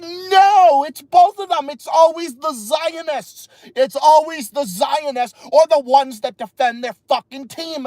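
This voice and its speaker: A man hosting a podcast, giving a heated, profane, rambling rant from inside his car in the dark. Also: very high voice, no room sound. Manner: heated, swearing, rambling with restarts. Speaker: podcast host. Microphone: phone livestream.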